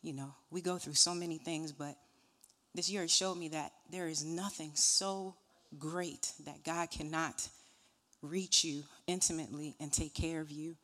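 A church member giving a personal testimony, halting and searching for words. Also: mid-range voice, fairly even intonation, bright, forceful tone.

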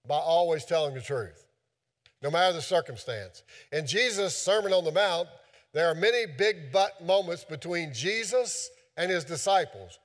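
A man's voice: a little high, long reverb tail. A man preaching a sermon as a pastor, folksy and loose, with many fillers and restarts.

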